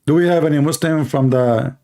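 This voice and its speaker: A man's voice: fairly high pitch, fairly quick, warm tone. A man hosting a livestream, talking in a mocking, sarcastic monologue in broken English. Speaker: livestream host. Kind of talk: satirical monologue. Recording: livestream talk to viewers.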